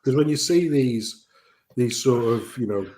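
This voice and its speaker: A man co-hosting a casual stream chat, ranting and swearing in an animated way. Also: mid-range voice, a little slow. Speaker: stream co-host.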